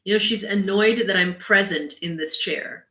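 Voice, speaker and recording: A young Ukrainian woman hosting a casual live stream, chatty and quick to laugh. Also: medium pitch, pushed and bright, reverberant, rough recording. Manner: chatty, laughs often, talks to her dog. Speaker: host of a live news stream. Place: home room.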